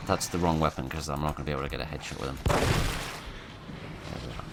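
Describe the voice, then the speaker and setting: Very deep-voiced man, self-mocking gamer. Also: fairly even intonation, quick pace, creaky, pauses often. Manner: self-mocking, rambling, dry humour. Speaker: gameplay commentator. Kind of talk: let's play commentary. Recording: noisy background.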